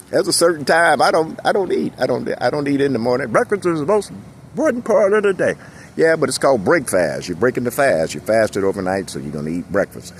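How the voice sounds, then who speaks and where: A man's voice: mid-range voice, animated, normal speed, slight background noise. A middle-aged man giving a casual motivational monologue, folksy and rambling, chuckling often as he talks.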